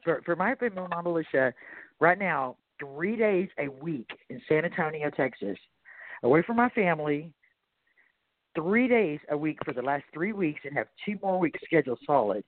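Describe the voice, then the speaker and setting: A man with a somewhat high voice calls in over a narrow, phone-like line. He talks haltingly and stumbles into repeated restarts. The sound is dry and close. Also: expressive, no echo. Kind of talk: talk radio conversation.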